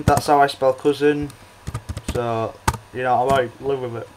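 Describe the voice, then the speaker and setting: A man's voice: mid-range voice, fairly even intonation, a little slow, noisy background. A young man gives casual, rambling gameplay commentary as a let's play host. He talks full of ums and false starts. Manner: rambling, hesitant, many ums and restarts.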